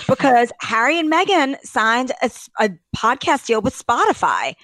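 A woman co-hosting a casual celebrity gossip podcast, talking with exaggerated, animated outrage. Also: moderate pace, few pauses, dry recording, low-quality recording. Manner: animated, exaggerated outrage, leaps to high pitch. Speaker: podcast co-host.

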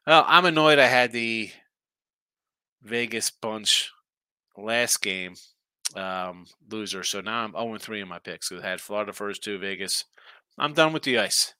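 Unhurried and expressive, this man's lowish voice has a sharp yet clean tone in a dry recording. He runs a sports betting picks live stream, rambling casually, thinking out loud and answering what viewers write in chat.

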